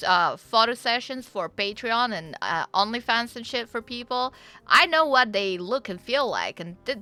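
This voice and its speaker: A woman's voice: fairly high pitch, bright, forceful tone, no room sound. A woman chatting casually on her livestream, joking and teasing herself as she plays. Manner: chatty, jokey, self-deprecating. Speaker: streamer.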